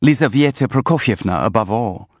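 A male narrator reads classic literature in a measured, expressive manner. His pitch moves freely through each sentence. The recording is dry and slightly dull. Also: husky, no room sound. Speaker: audiobook narrator.

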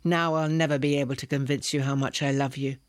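A man's voice: medium pitch, level tone, quick pace, no room sound, clean studio sound, lightly acted. A man voicing a cheeky young male servant who speaks in a teasing, playful way.

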